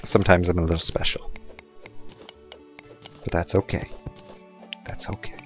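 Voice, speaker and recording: A young man talks through his gameplay in a relaxed, rambling way. His voice sits deep and low, and he drifts into goofy, self-mocking asides. Faint music plays softly behind him. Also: moderate pace. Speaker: let's play gamer. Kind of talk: casual gameplay commentary.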